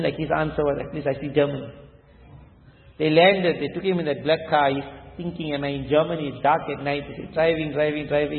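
A man giving a sermon with storytelling, emphatic and repetitive, his voice rising sharply to stress points. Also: medium pitch. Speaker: Islamic preacher. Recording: echoey hall, tinny phone-like sound.

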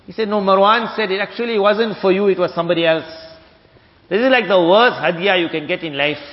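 A man's voice: high voice, brisk. A man giving a hadith lesson, retelling stories casually and acting out the dialogue. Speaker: Islamic teacher. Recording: dull, lo-fi audio with long hall reverb.

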